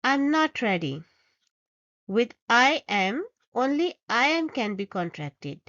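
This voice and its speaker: A woman teaching grammar at a very slow, deliberate pace, her fairly high voice rising and falling a lot as she reads each example aloud. The sound is dry and close, a little dull and lo-fi. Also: very animated, fairly bright tone, no room sound. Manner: reads example sentences aloud, explaining each step patiently. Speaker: English teacher.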